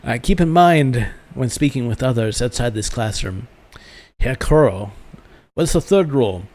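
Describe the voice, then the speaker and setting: A man's voice: medium pitch, animated, moderate pace, a little mellow, natural voice. A man voicing a stern older male rogue-class master with a put-on German accent, formal and lecturing.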